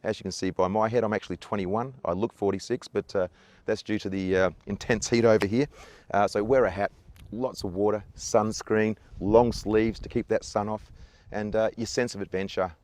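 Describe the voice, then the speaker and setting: A man's voice: fairly low pitch, steady tone, moderate pace, a little mellow. A man in his forties with a broad Australian accent, talking easily outdoors as a tour guide, full of fillers, restarts and little jokes. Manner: easygoing, chatty, many "uh" fillers and self-restarts, jokey. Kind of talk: outdoor tour chat to camera. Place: outdoors on coastal rocks.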